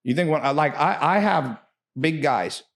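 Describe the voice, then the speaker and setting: A man's voice: fairly high pitch, lively intonation, normal speed, a bit bright. A man in casual podcast talk, telling brash, profane stories with sudden bursts of emphasis.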